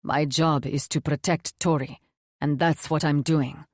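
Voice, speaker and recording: A man's voice: on the high side, fairly even intonation, a little slow, no room sound, clean studio sound, voice pushed down. A woman voicing a guarded, protective young wolf shifter man who speaks in a curt, defensive way.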